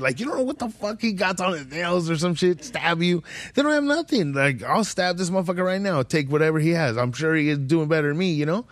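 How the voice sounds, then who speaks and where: Profane, excitable young man. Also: fairly high pitch, dry recording. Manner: slangy, profane, rambling, excitable. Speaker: podcast host. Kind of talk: casual storytelling monologue.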